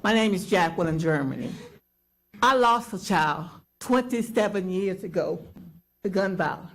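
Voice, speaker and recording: A woman, a bereaved mother, making a slow, measured, solemn appeal during public comment at a council meeting. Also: mid-range voice, animated. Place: council chamber, speaking at a podium.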